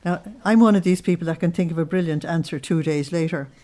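A woman religious teacher giving a spoken sermon in an earnest, unhurried way, weaving in personal stories. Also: lowish voice, warm tone.

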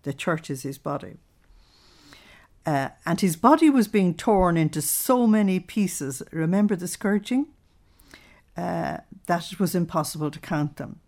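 A woman's voice: fairly low pitch, expressive, darkish tone. A woman leading a Bible study, reading a devotional text aloud and stopping to explain it earnestly. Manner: earnest, explanatory, pauses to comment between readings.

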